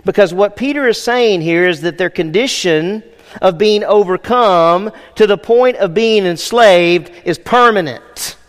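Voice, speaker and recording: A man's voice: high voice, measured pace, long reverb tail. A man preaching as a senior pastor, teaching a sermon in a conversational way with jokes and rhetorical questions.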